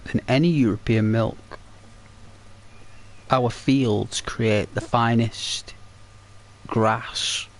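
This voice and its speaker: A man streaming a video game, chatting to his viewers in a rambling, chatty way with many restarts. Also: mid-range voice. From Britain. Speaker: gaming streamer. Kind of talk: casual chat to viewers while playing.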